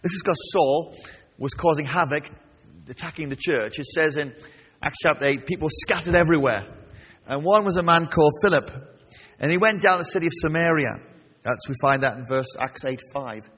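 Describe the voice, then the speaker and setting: Male preacher, fairly high voice, husky, animated call-and-response delivery, long hall reverb. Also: moderate pace. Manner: animated, asks the congregation questions. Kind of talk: sermon.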